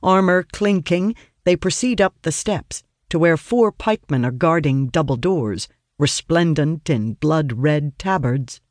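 A man narrating a fantasy audiobook in a steady, measured way. His voice sits a little high for a man and is recorded close and dry, with no room sound. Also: no room sound.

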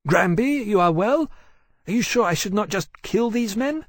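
Man doing a young female dragon, high-pitched, fiery, indignant, audiobook character. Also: expressive, normal speed, no room sound, studio quality.

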